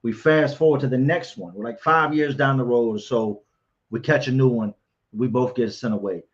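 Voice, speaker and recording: A man hosting a casual interview, recapping shared events in a steady, matter-of-fact way. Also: medium pitch, moderate pace. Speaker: host. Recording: dull lo-fi audio.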